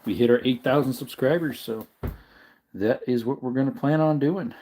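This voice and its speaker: A tired man hosts a casual livestream and talks loosely to his viewers. He rambles, stops, and corrects himself as he goes, with a yawning, low-energy manner. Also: moderate pace. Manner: rambling, self-correcting, relaxed. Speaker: livestream host.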